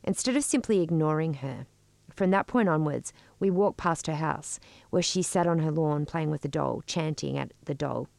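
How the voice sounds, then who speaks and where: A middle-aged woman telling a personal story in a measured, wry way. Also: low-pitched, lively intonation, vocal fry, a little mellow, no room sound. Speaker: storyteller and podcast co-host.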